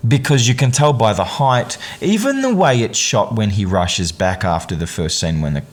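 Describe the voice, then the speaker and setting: A man's voice: fairly low pitch, very animated, moderate pace. A man hosting a solo film commentary in a casual, rambling way, with many fillers and restarts and a wry, amused tone. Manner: wry, amused at the film's absurdities. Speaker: podcast host, film commentator.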